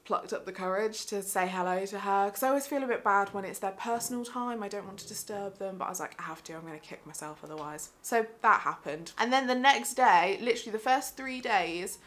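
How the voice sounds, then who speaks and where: A woman's voice: mid-range voice, brisk, few pauses, fairly bright tone. A young woman chatting enthusiastically in a casual vlog about the theatre shows she has seen. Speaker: theatre vlogger.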